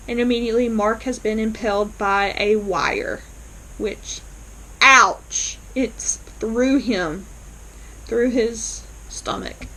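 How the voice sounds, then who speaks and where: A woman's voice: on the high side, poor audio. A woman recapping a TV episode in a casual, chatty way, full of fillers and quoted lines. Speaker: fan reviewer.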